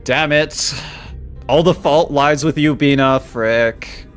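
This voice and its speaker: A man's voice: medium pitch, little pitch movement, takes it slowly, fairly bright tone, clear, resonant tone, soft background music. A man live-streaming a game, chatting casually with his viewers in a playful, teasing, mock-dramatic way.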